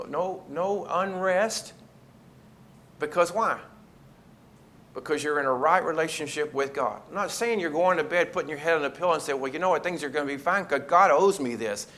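A man's voice: on the high side, a bit bright, a little hiss or hum. A man leading a Bible study, teaching in a conversational way and asking the group questions.

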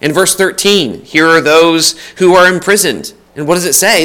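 A man's voice: high voice, moderate pace, hardly any pauses. A man from the United States preaching a sermon in a conversational way, building emphasis through repetition. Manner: lively, rising for emphasis, repeats phrases; conversational with restarts and light laughs.

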